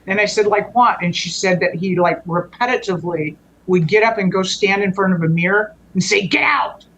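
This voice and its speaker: A guest on the show with a mid-range voice talks a little fast, captured on a low-quality recording. She earnestly and conversationally works through a long personal story, wandering and often restarting or correcting herself.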